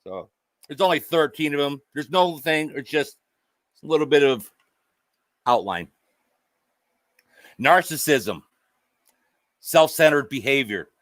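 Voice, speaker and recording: A man's voice: fairly high pitch, slow pace, pauses often, fairly bright tone, no room sound, studio quality. A man vlogging a sarcastic, profane monologue, mockingly addressing an unseen "sir" over and over.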